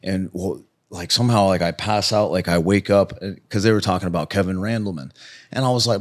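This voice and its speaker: A man's voice: low voice, brisk. A young man telling a wild story on a podcast, swearing freely and acting out the voices of people in it. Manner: animated, swearing, acts out voices. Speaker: guest fighter.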